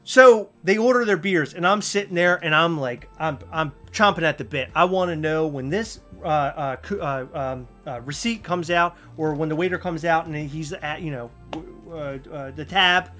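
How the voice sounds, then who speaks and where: High-voiced, bright man telling a story. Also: moderate pace, few pauses, faint music behind. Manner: animated, loud outbursts while retelling a story. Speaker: podcast host. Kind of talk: casual storytelling chat.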